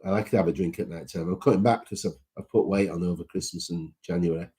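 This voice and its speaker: A man's voice: sits low, steady tone, quick pace, mellow. A man hosting a casual live chat, reading out viewer comments and greeting people by name in a sentimental way.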